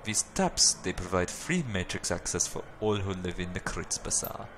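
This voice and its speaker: A man's voice: low voice, expressive, normal speed, noisy background. A man voicing a sly, fawning Turkish cafe owner in a video game, with an exaggerated Turkish accent and salesman's patter. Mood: hushed. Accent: exaggerated put-on Turkish. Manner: oily salesman patter, drops to conspiratorial murmurs. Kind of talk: reading a video game's dialogue aloud.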